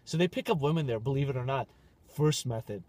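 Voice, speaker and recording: A man's voice: medium pitch, fast talker, no echo. A man hosting a podcast, telling stories in casual, joking banter. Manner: animated, joking storyteller. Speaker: podcast host.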